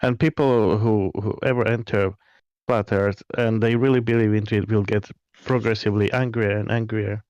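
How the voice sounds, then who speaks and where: A man's voice: on the low side, steady tone, normal speed, a little mellow, smooth, no echo, dull audio. A man in a casual online voice chat, speaking bluntly and dismissively.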